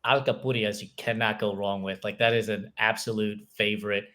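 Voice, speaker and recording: A man's voice: lowish voice, a little fast. A man hosting a podcast, who grew up in New York City, chatting casually and telling stories with frequent laughter. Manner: laughs often, relaxed storytelling. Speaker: podcast host. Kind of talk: casual chat.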